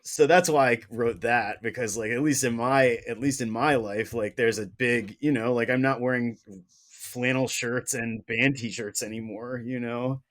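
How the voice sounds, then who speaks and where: A man's voice: mid-range voice, fairly even intonation, a little slow. A man co-hosting a podcast in a casual, jokey way, swearing freely. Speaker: podcast co-host. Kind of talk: casual conversation.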